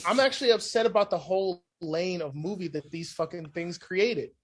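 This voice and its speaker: High-voiced man swearing through animated stories. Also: moderate pace, over a noisy crowd. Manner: profane, animated storytelling that acts out quotes. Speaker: guest. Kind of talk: casual podcast chat.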